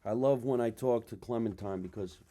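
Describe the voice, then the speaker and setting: A middle-aged podcast host runs a comedy show with loud, animated chat, swearing freely and doing voices in his stories. He has a mid-range voice and talks fairly quickly.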